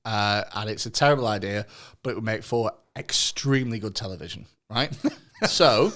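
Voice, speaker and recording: Sweary, animated comedy podcast host. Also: male voice, lowish voice, normal speed. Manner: crude, sweary, laughs often. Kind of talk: casual comedic chat.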